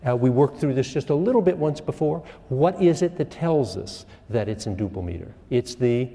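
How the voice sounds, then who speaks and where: A man's voice: medium pitch, moderate pace, in a large hall. A man teaching a music class, asking the students questions and humming rhythms to show the beat. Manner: lively, asks questions, hums rhythms. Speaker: music lecturer. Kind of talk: classroom lecture.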